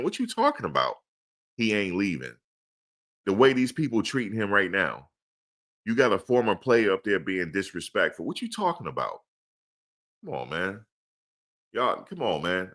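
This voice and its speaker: Deep-voiced man, forceful sports streamer. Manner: emphatic, repeats rhetorical questions. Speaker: livestream host. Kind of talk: live-stream sports commentary answering chat.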